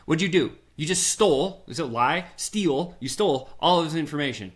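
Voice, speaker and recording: A man who is a sales strategist, guesting on a podcast and talking in an energetic, punchy way full of rhetorical questions. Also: fairly high pitch, normal speed. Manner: animated, acts out little scenes in voices. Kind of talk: energetic storytelling.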